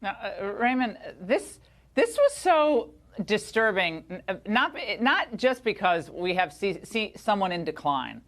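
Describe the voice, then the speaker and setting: A woman's voice: mid-range voice, sing-song, measured pace. A woman hosting a TV commentary show, blunt and emphatic. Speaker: TV show host. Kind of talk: opinionated TV commentary.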